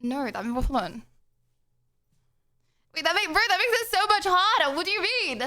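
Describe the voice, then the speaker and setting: High lively young woman streamer. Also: normal speed, no echo, studio quality. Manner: chatty, giggly, talks to chat. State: out of breath. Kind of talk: casual live-stream chat.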